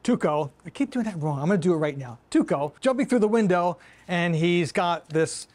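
A man's voice: high voice, lively intonation, fairly quick, darkish tone. A man co-hosting a film review show, telling stories with enthusiasm and animation. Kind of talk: casual chat. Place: production studio.

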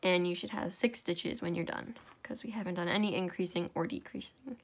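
Young adult woman hosting a home craft tutorial; relaxed, chatty, fixes her slips aloud. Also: on the low side, fairly quick. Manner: chatty, self-correcting, talks while working. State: out of breath. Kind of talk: casual step-by-step craft tutorial.

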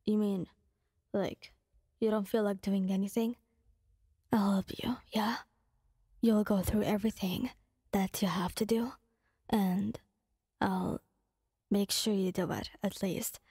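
A woman's voice: mid-range voice, breathy edge, no room sound, studio quality, voice pushed down. Shoto Todoroki, whispered role-play, as a woman plays him. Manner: soft, gentle, coaxing. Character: calm caring teenage boy hero.

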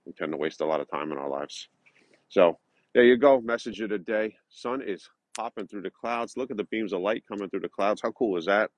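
A man's voice: on the low side, fairly quick, few pauses, dry recording. A man with a New York accent, a realtor giving a motivational morning message and prayers outdoors in a park, talking loosely with many uh and um fillers. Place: outdoors at a lakeside park at dawn. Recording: dull, dry, lo-fi sound.

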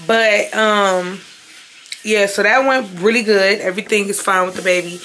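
Breathless chatty mom vlogging. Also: female voice, medium pitch, steady tone, moderate pace, slight background noise. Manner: chatty, addresses viewers as y'all. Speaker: vlogger, mother. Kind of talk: casual vlog chat. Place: grocery store, then home. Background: loud background music.

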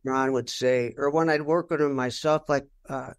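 In a smooth, steady mid-range voice at a moderate pace, an older rock guitarist speaks candidly in an interview. He's blunt and profane as he tells stories, re-enacting his own earlier remarks.

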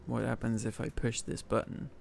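A man's voice: medium pitch, monotone, normal speed, gravelly, a little mellow, slight background noise. A man from northern England streaming a cooking game, chatting casually, thanking viewers by name and joking about himself. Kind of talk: casual live-stream chat.

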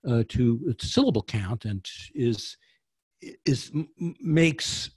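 A man's voice: medium pitch, lively intonation, a little mellow, slightly rough, no room sound. A thoughtful man on a dry video call. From New York. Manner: thoughtful, halting, lots of restarts. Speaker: guest poet. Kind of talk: casual poetry discussion over video call.

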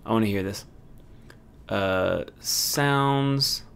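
A young man giving casual, excitable commentary while he plays a game, laughing and thinking aloud. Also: on the low side, drawn-out words, gravelly, slight background noise. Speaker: gamer.

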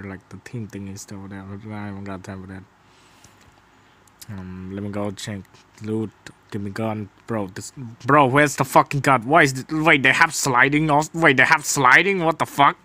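Young male gamer narrating his match, bright voice, profane rants, quick laughs, low mutters. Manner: profane, laughing, exasperated outbursts between mumbled asides. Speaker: gameplay commentator. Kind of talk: casual gameplay voice-over.

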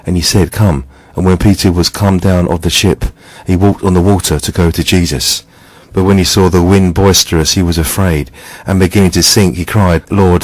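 Low voiced guy reading a sermon, slow steady devotional delivery, dry close sound. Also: dry recording, poor audio. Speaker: preacher. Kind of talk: scripted sermon reading with scripture quotes.

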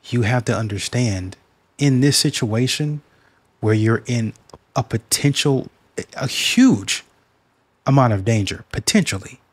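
A man's voice: medium pitch, slightly rough. A man giving reaction commentary in blunt, scolding interjections.

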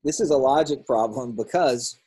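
A man teaching a grammar lesson, working through workbook answers out loud, thinking aloud and correcting himself as he goes. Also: medium pitch, moderate pace, husky, low-quality recording.

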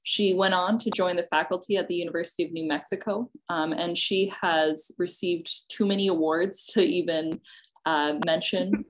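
A woman, an assistant professor, hosting and reading a formal introduction of a guest speaker with frequent pauses. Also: on the low side, low-quality recording.

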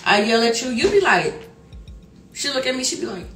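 A middle-aged woman talking casually on a livestream, loud and animated, laughing often. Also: on the high side, a little fast. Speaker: livestream host. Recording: echoey room with music behind.

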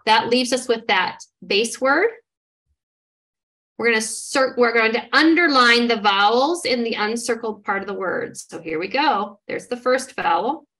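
A woman with a slightly high voice leads a reading lesson, sounding out word parts one step at a time. She keeps an encouraging teacher's manner as she models each step for her listeners. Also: unhurried, bright, forceful tone. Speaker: literacy trainer. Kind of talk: instructional demonstration.

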